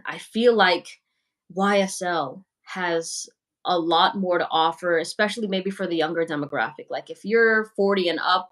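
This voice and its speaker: Fairly low in pitch yet fairly bright in tone, this young woman's voice carries her livestream. She replies to viewer comments in a frank, casual way, leaning often on "like" and "you know."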